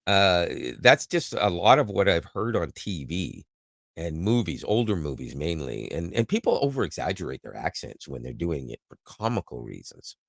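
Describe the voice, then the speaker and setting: Man from Canada, podcast co-host, loose joking chat; low, lively voice. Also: moderate pace, gravelly, no room sound, clean studio sound. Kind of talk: casual chat.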